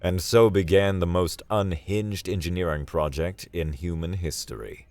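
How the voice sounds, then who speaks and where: A man narrating a sci-fi story in a dry, steady storytelling manner. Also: sits low, moderate pace, dry recording, faint music behind. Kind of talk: scripted narration.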